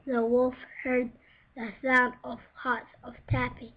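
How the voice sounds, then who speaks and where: A woman reading a children's storybook aloud, slowly and carefully, with small slips along the way. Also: sits high, fairly even intonation, pushed and bright. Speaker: storybook reader. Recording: dull lo-fi recording.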